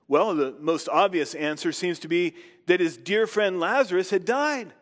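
Guy reading scripture then preaching, slightly high voice, long echo like a big hall. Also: normal speed, hardly any pauses. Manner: reflective, asks rhetorical questions.

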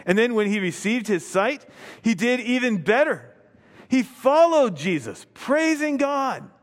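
A man's voice: very high voice, very animated, measured pace. A man preaching a sermon, reading scripture and explaining it, emphatic and drawing out key words. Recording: long hall reverb.

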